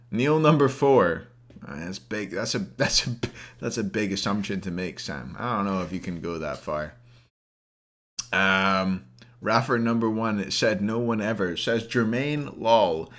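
A man's voice: medium pitch, fairly bright tone. A young man in a casual live stream, ranking players and ranting at his chat with plenty of swearing, hungover. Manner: swears a lot, rants at chat.

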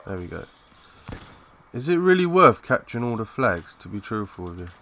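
A young man giving live, excitable commentary over a shooter game, swearing and chatting in slang. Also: mid-range voice, moderate pace, a little hiss or hum. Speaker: gaming commentator.

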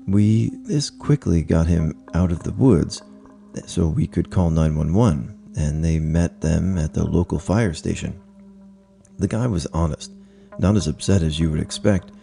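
A man narrating stories in an even, measured scripted read, with faint music behind him. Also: low-pitched, gravelly. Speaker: narrator reading online stories.

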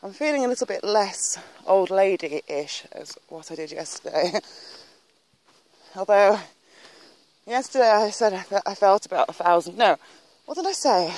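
A woman's voice: mid-range voice, darkish tone. A woman from northern England talking casually to her own camera on a countryside walk. She rambles and laughs often. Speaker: vlogger. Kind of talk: casual walking vlog. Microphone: handheld camera filming herself.

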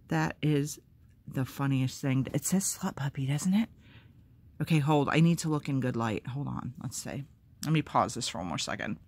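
Excitable woman rambling to her phone cam at home, casual vlog chat, pokes fun at herself. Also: low voice, moderate pace, long pauses, slightly rough. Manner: self-deprecating humor. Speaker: vlogger opening fan mail. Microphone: phone camera.

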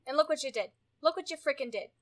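A woman giving casual gameplay commentary, exasperated and often yelling at her characters. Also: sits high, lively intonation, fast talker. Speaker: gameplay streamer.

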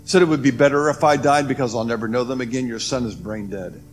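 A man's voice: fast, soft background music. Man telling a dramatic personal testimony. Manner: dramatic, swings between loud emphasis and hushed low lines. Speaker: testimony speaker.

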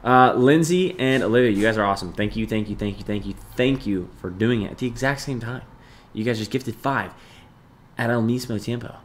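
Young guy on his stream, reading chat out loud, thanking people, gets loud then mutters, average pitch. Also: a little fast, a little hiss or hum. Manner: reads chat aloud, thanks gifters, jumps between loud excitement and low mumbling. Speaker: livestreamer. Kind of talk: casual live stream chat.

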